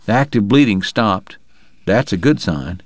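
Bossy old-west doc barking orders, narrator guy doing him, low-ish voice. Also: lively intonation, unhurried, no echo. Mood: stern. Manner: curt, commanding. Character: gruff stern frontier doctor, man.

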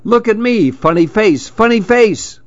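A man's voice: sits high, animated, measured pace, no echo, dull audio, pitched above the performer's own voice. A man voicing a chipper little chameleon in a storybook, eager to be noticed, calling out perkily. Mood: perky. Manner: perky, attention-seeking calls. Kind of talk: storybook reading.

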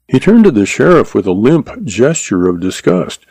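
A man reading a Western novel aloud as narrator in an even, unhurried way. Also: on the low side, vocal fry, dry recording. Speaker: audiobook narrator.

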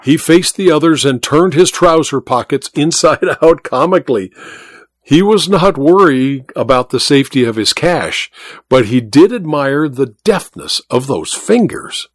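Animated male audiobook narrator. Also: a little high, unhurried, dry recording, clean studio sound. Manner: expressive, animated storytelling.

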